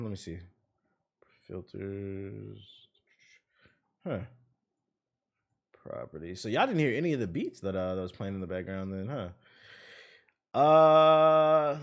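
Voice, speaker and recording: A man's voice: fairly low pitch, slow, gravelly, pauses often. A man reacting to a game trailer as a streamer, talking bluntly, with plenty of swearing. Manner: blunt, profane, excitable. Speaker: streamer and host. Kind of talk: casual reaction commentary.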